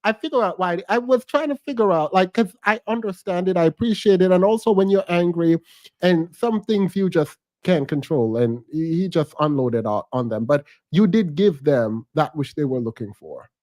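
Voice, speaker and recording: A man with a high, very lively voice reacts to a clip with frank, teasing commentary. He thinks out loud and wavers between joking and serious. The sound is close and dry. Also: normal speed, no room sound.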